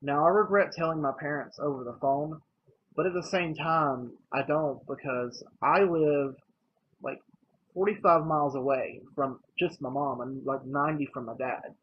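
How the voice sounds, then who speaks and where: A man's voice: fairly high pitch, normal speed. A young man vlogging about his own life in a casual, earnest and emotional way, speaking plainly to the camera. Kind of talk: personal storytelling to camera. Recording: slightly dull lo-fi recording with faint noise.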